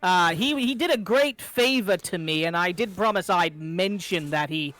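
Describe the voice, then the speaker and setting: A man's voice: high-pitched, normal speed, fairly bright tone, dry recording. A man playing his character in a tabletop game, talking hesitantly with frequent stammering restarts. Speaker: player. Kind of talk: in-character tabletop role-play.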